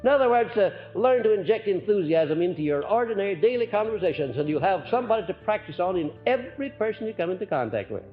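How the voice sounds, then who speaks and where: A man giving an earnest, folksy lecture to a live audience, letting his voice rise and drop on purpose and often pausing on "uh". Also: high-pitched, big pitch swings. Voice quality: frequent "uh" hesitations. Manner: folksy, earnest, swings between loud and soft on purpose. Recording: muffled archival recording, faint music.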